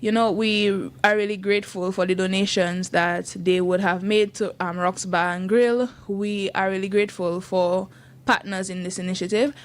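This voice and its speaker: A woman's voice: mid-range voice, steady tone, moderate pace. A woman, a youth group leader chatting on a radio show in an upbeat, laughing way. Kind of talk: casual radio chat promoting an event. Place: radio studio.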